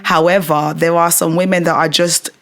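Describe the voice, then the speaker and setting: A woman with a low voice talks in a casual chat. Her delivery is thoughtful and measured. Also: flat delivery.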